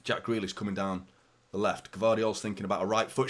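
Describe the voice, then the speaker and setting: A man, hoarse from a sore throat, hosting a fan watchalong with live match commentary and chatty, sweary, teasing banter. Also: on the low side, flat delivery, brisk.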